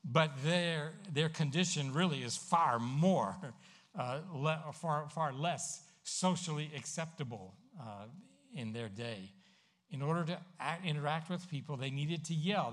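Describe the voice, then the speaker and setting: A man preaching a sermon as pastor, swinging from emphatic, loud lines to hushed asides. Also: a little high, a little slow.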